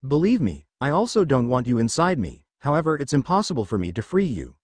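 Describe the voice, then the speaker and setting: A man voicing a brash, eager boy ninja who shouts when excited. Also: mid-range voice, brisk, husky, dry recording, clean studio sound.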